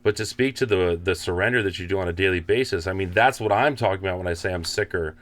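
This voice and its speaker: A man's voice: deep voice, quick pace, fairly bright tone. A man co-hosting a podcast, bluntly arguing about recovery, swearing and mimicking his own past thinking. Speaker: podcast co-host. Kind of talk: casual recovery talk.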